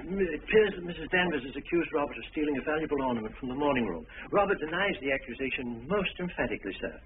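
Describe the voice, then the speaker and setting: Attore nei panni di un maggiordomo deferente e formale, parlata svelta, suono da film d'epoca metallico. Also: male voice, a little high, lively intonation, very fast, lightly acted. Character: deferential, proper male butler. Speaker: butler. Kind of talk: 1940s film drama. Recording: tinny old film soundtrack with hiss.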